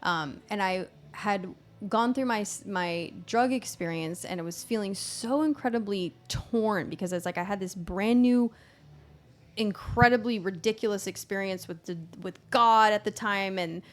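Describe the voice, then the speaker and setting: A woman chatting as a podcast guest in an animated, casual way, laughing often, swearing freely and trailing off mid-thought. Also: mid-range voice, normal speed.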